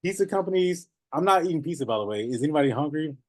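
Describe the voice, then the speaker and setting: A man coaching notaries in a casual, animated talk, laughing often and repeating phrases. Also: on the high side, very fast, no room sound.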